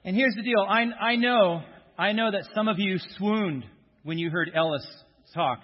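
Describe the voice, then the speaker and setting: A man's voice: high-pitched, moderate pace. A man preaching a sermon as pastor in a church sanctuary, joking with the congregation before reading scripture. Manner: jokey, self-deprecating banter with the congregation. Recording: dull sound with long hall reverb.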